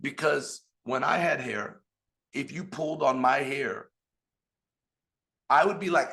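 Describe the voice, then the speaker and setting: A middle-aged man giving an animated motivational business talk on a video call, telling stories and speaking to the audience directly. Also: a little high, a little slow, creaky, pauses often. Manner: animated storytelling with audience asides. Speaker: business trainer.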